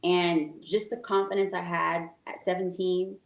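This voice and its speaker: A woman's voice: fairly low pitch, flat delivery, unhurried, creaky. A woman in her twenties, a guest founder, speaking earnestly with lots of fillers like "you know" and "like". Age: 20s. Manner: earnest, filler-heavy, emotional. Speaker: guest, youth group founder. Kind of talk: casual interview talk. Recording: echoey room.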